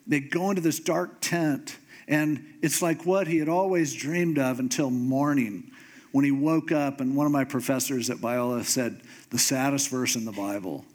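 A man preaching a sermon, telling a story in a comic way and acting out the characters with sudden jumps in pitch. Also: fairly even intonation, moderate pace. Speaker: pastor.

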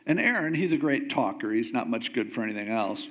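A male pastor preaching a sermon in a relaxed, conversational way. He tells the story with a casual, joking humor. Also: mid-range voice, brisk.

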